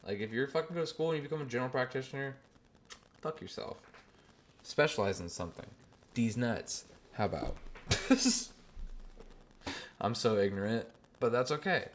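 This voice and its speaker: A young man hosting his own podcast, telling a story in crude, animated casual chat and mocking other people's voices. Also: medium pitch, moderate pace, pauses often. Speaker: podcast host.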